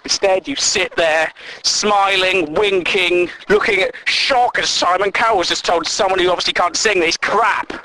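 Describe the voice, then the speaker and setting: A man's voice: sits high, fairly even intonation, normal speed, pushed and bright, a little hiss or hum, low-quality recording. A man hosting a comedy show, ranting sarcastically and swearing a lot. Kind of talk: stand-up rant.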